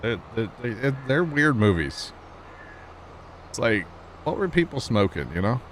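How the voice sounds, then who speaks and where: A man's voice: mid-range voice, big pitch swings, measured pace, a little hiss or hum. A man streaming a farming game, chatting casually in a joking, wry way and talking to his chat. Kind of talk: casual chat while gaming.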